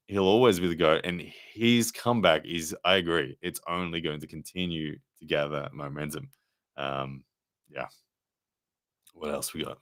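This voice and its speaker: This livestream host and armwrestling commentator rambles conversationally through a casual review, responding to viewer comments amid frequent fillers and restarts. He has a rumbling low, slightly bright voice at normal speed, with clean studio sound and no room noise.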